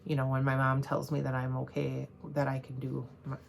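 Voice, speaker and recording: A woman's voice: extremely low pitch, completely flat delivery, a little fast, gravelly, slight background noise. A woman vlogger chatting casually as she shows cross-stitch threads and supplies, rambling and correcting herself as she goes. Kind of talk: casual show-and-tell chat.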